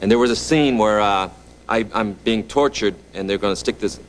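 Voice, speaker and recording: A middle-aged man, a talk show guest, telling a long anecdote in a relaxed, chuckling way. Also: lowish voice, normal speed, rough recording. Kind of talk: anecdotal storytelling. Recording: TV studio with audience noise.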